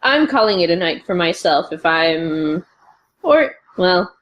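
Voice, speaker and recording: A woman's voice: on the low side, highs cut off. A woman playing a tabletop game, sarcastic in her remarks. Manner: sarcastic, slow and lively. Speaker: player. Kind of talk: casual tabletop game chat.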